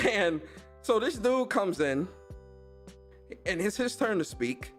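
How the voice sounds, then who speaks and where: A man hosting a gaming show, telling a story in a casual, animated rant full of swearing and mocking impressions. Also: sits high, slow, soft background music. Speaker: gaming podcast host.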